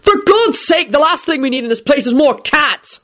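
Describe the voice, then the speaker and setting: A woman's voice: high voice, lively intonation, moderate pace, voice pushed up. A woman voicing a grumpy, ill-tempered man who snaps and curses. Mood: furious. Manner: snapping, cursing, shouting.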